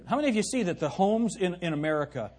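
A man's voice: high voice, very animated, fast talker, a little mellow, husky. A male pastor preaching an emphatic sermon, asking his congregation questions and reading scripture aloud.

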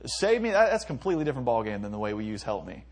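A man's voice: fairly low pitch, very animated, rapid-fire, darkish tone. A man preaching an earnest sermon to teenagers, reading scripture aloud and acting out heartfelt prayers. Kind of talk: sermon to youth.

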